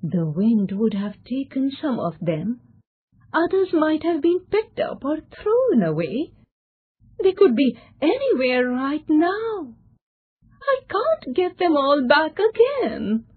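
A woman voicing an eager young man who pleads in a high voice and cries out. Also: sing-song, takes it slowly, exaggerated voice. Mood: distraught. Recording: tinny phone-like recording.

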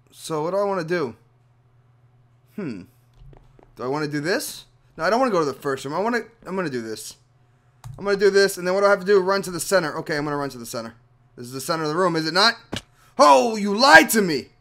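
Excitable high-voiced man gaming. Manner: excitable, yelps and shouts at falls, then mutters while thinking; talks to viewers as "guys". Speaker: gaming channel host. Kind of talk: Minecraft let's play commentary.

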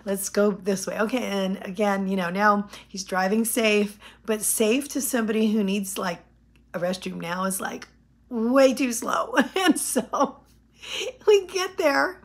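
A woman in her late fifties tells a personal story to her camera in an easy, chatty way. She keeps laughing through it and puts on little voices for what she and others said. Her pitch sits in the middle for a woman. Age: 50s. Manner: animated, laughing often, acting out quotes. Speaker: vlogger. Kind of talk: casual storytelling.

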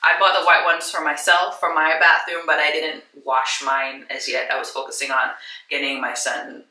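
Woman, 30s, home vlogger; effusive, chatty, bright tone, echoey room. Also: low-pitched, little pitch movement, normal speed. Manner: chatty and effusive, talks straight to viewers. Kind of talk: casual home vlog chat.

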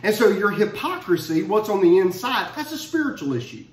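A man giving a casual Bible study talk, conversational and animated, often restarting his phrases. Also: high-pitched, fairly quick. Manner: conversational, repeats words when restarting, animated. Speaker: Bible teacher. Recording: roomy echo.

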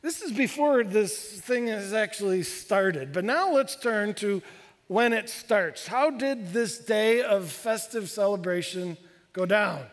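A man in his fifties, a pastor preaching a sermon with animated, excitable delivery. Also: slow pace. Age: 50s. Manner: animated, bursts into high excited exclamations. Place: church sanctuary. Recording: long church hall reverb.

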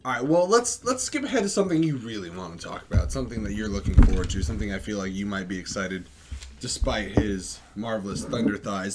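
A man's voice: medium pitch, noisy background. A young man co-hosting a casual movie chat, enthusiastic and swearing casually. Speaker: podcast co-host.

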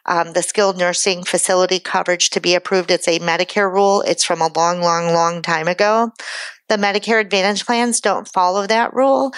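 A woman's voice: medium pitch, fairly bright tone, no echo. Chatty woman presenter with dry sound. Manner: chatty, joking asides, self-deprecating humor; laughs at her own jokes. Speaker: insurance broker giving a presentation. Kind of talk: conference presentation.

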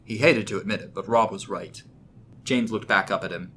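Male narrator for scripted horror, low pitch, crisp bright tone, steady delivery. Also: normal speed, slight background noise.

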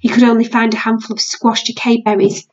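A woman's voice: a little high, level tone, fairly quick, highs cut off. A British woman teacher reading a novel aloud to her class.

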